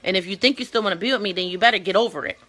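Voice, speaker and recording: A woman co-hosting a talk show, chatting casually in a blunt, profane and animated way. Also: medium pitch, very fast. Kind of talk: casual chat.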